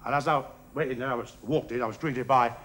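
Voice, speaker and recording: A man doing a stand-up comedy routine on a theatre stage, with a bumbling, halting delivery and a giggling laugh. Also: mid-range voice. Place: theatre stage before a live audience. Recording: archive stage recording with loud audience laughter and hiss. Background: audience laughter.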